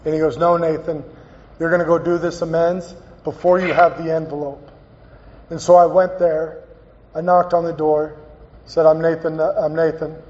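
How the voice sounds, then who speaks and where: A man giving a personal, earnest recovery talk as a guest speaker, halting and repeating phrases as he tells his story. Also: a little high, flat delivery, darkish tone. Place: meeting hall. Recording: dull, echoey hall recording.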